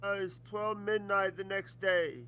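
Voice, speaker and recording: A man's voice: high voice, steady tone, unhurried, pushed and bright. A man in a casual podcast chat who stammers and says dude.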